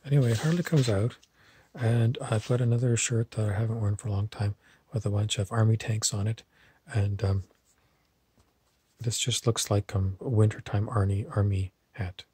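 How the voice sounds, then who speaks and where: A man's voice: on the low side, fairly even intonation, normal speed, mellow, dry recording. A man telling meandering, digressive stories in a casual monologue to camera. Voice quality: husky.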